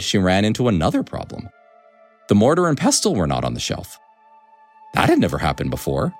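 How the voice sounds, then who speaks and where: A man reading a children's storybook aloud in an expressive, animated way. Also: on the low side, dry recording, studio quality.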